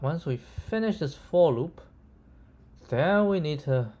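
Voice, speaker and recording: A man thinking aloud as he codes, halting and correcting himself, often checking in with "right?" and "okay?". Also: on the high side, expressive, warm tone. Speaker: coding tutor. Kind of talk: thinking aloud while live coding.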